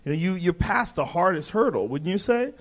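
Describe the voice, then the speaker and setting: A male guest comedian on a live comedy podcast, loud and laughing often, repeating himself for emphasis on a stage mic. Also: sits high, animated, a little fast. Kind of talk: loud roast banter.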